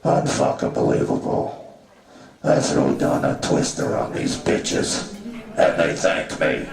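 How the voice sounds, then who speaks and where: A man's voice: rumbling low, huge pitch swings, slow, gravelly, crowd noise, heavily acted. A man doing stand-up as a crude, callous male god who mocks his worshippers. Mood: mocking. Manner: crude, mocking and swaggering. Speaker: stand-up comedian. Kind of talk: stand-up comedy in character. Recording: roomy live venue from far off, audience noise.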